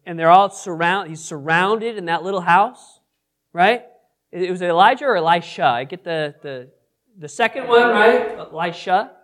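A man's voice: sits high, normal speed, fairly bright tone. A man leading a Bible study in a casual, conversational way, often asking the group questions and adding self-deprecating asides. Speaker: pastor teaching a Bible study. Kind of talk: casual interactive Bible teaching.

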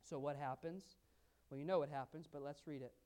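A woman leads a Bible study class in a fairly low voice. She talks earnestly and with emphasis, and her voice rises into pleading when she acts out prayers. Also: steady tone, brisk, mellow. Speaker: Bible teacher.

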